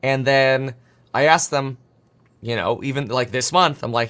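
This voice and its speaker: Man in his 30s, casual livestream host; quick, rambling, jokey delivery while working charts. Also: mid-range voice, fairly bright tone. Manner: fast, rambling, jokey, talks to himself while clicking charts. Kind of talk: casual market commentary livestream.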